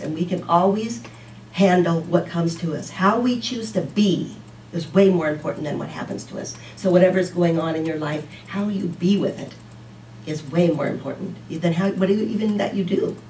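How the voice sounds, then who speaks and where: A woman's voice: on the low side, moderate pace, a little mellow, far from the mic, a little hiss or hum. Chatty woman preaching in an echoey hall. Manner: chatty, rambling, laughs often at herself. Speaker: speaker at a church service. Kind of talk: informal sermon talk to a congregation.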